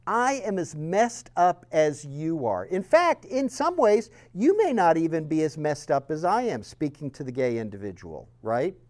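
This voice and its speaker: A man with a Southern accent giving a sermon-style teaching talk, telling stories earnestly and swinging between loud emphasis and soft, quiet lines. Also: a little high, very animated, moderate pace, hardly any pauses. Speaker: speaker.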